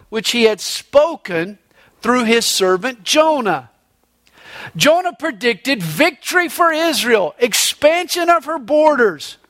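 A pastor with a very high, fairly bright voice preaches emphatically, telling stories, quoting scripture, and delivering a joke using quoted voices. The recording has no echo.

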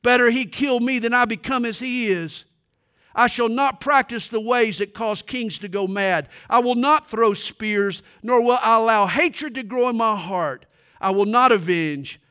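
An earnest young future king speaks with solemn resolve, as a preacher reads his words. The high, bright voice rises on the key words. The delivery is declaring and emphatic. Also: measured pace, clear, resonant tone. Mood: resolute.

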